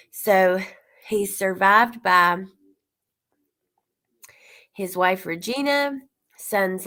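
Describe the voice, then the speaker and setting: Woman youtuber chatting loosely to viewers, rambly true crime talk, middle pitch. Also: fairly bright tone. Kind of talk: casual commentary reacting to clips.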